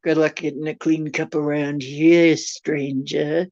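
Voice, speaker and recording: A hearty Australian host calls out an offer of ginger beer, as a woman puts him on. The voice is loud and teasing, and it sits a little higher than her own. The recording is dull and lo-fi. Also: flat delivery, a little slow.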